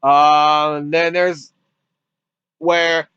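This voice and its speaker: A man talks through a movie review in a loose, rambling way, repeating himself and swearing offhand. His voice is high and bright, smooth and clear. The sound is dry and a little dull, like a lo-fi home recording. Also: level tone, very slow, no room sound. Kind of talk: casual spoken review.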